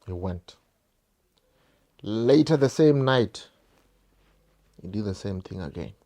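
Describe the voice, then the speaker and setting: A man's voice: fairly low pitch, animated, slow, warm tone. A South African man telling a painful personal story straight to his viewers, repeating phrases and calling them guys. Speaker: vlogger.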